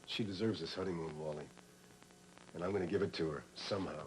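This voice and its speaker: An actor playing a dry, self-deprecating young lawyer planning a honeymoon, in 1980s TV soap acting. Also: male voice, low-pitched, steady tone, fast talker, a little hiss or hum, natural voice, low-quality recording. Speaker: lawyer friend about to marry.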